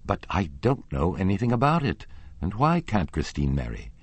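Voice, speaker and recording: A man reading an audiobook, voicing a confused, lovesick young nobleman who asks anxious, halting questions. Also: low-pitched, very animated, husky, dry recording, voice pushed up, heavily acted.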